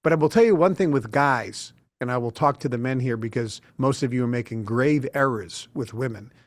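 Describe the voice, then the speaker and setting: A middle-aged man as an interview guest, telling lively anecdotes and acting out the people he quotes. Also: medium pitch, a little fast. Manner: animated storyteller who acts out quotes. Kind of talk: casual interview talk.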